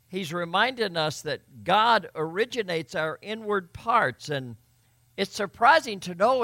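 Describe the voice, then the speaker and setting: Male preacher, raised voice with a gravelly edge, forceful delivery, dry close sound. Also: high voice, dry recording. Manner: preaching and reading scripture aloud with emphasis. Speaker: pastor. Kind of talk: sermon.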